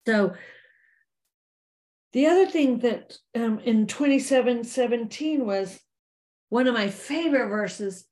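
A middle-aged woman giving a faith-based leadership talk to women, earnest and animated, speaking to her listeners directly as ladies. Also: on the high side, takes it slowly, pauses often. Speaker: business coach teaching women.

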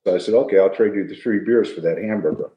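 An older man, a retired football player appearing as a guest, tells funny stories from his playing days in a fast, low-pitched voice. He jokes and laughs casually as he goes. The recording is muffled and reverberant, with background noise.

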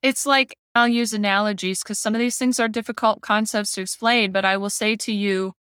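Brief: middle-aged woman, dog trainer, mid-pitched, dry close sound, talks through everyday analogies. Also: fairly even intonation, fairly quick, few pauses, fairly bright tone, clear, resonant tone, no echo. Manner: explains with homely analogies, acts out family voices. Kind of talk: casual podcast discussion.

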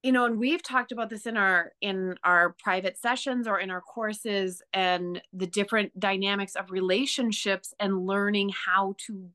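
A woman's voice: medium pitch, steady tone, moderate pace, few pauses, pushed and bright. A woman co-hosting a casual conversation, explaining her ideas in an earnest, emphatic way.

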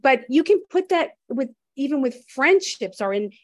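A woman's voice: high-pitched, lively intonation, moderate pace, dry recording. Blunt, emphatic woman guest, dry close mic. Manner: emphatic and blunt, with frequent restarts. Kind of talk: candid conversational storytelling.

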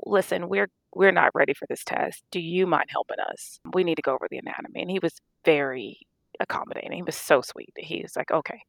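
A middle-aged woman doctor casually recounting stories in an interview, animated and laughing as she acts out dialogue. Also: on the low side, creaky, no echo. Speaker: guest, physician.

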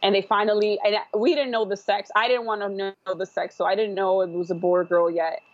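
A woman's voice: mid-range voice, level tone, fairly quick, no room sound. A woman telling her own story as a podcast guest, rambling with fillers and restarts. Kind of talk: casual personal storytelling. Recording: dull, dry podcast audio.

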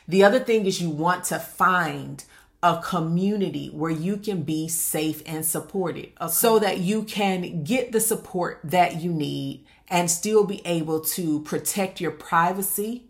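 A woman with a voice on the low side coaches successful women on marriage in a measured motivational monologue. She speaks emphatically, asks many rhetorical questions and calls the listener "honey."

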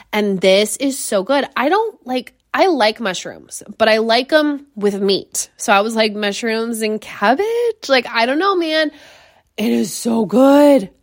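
A young woman fitness coach chatting on her podcast, telling stories in a lively, rambling way with lots of fillers. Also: medium pitch, no echo, clean studio sound. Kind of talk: casual solo podcast chat.

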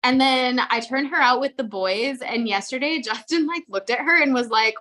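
A woman's voice: high-pitched, moderate pace, pushed and bright. A woman co-hosting a podcast, chatting candidly with lots of fillers and the odd swear. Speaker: podcast co-host and horse trainer. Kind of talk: casual chat.

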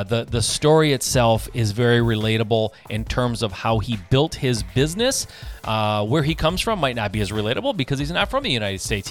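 Upbeat chatty male podcast host. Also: medium pitch. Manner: upbeat, chatty, many fillers. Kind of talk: casual interview.

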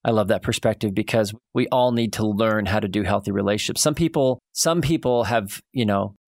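A podcast host with a fairly low voice, recorded dry and close. He muses over his guest's points in an easy, affirming way. He speaks in a relaxed, conversational style. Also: brisk, no room sound. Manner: reflective, affirming, chuckles along. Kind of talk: casual interview chat.

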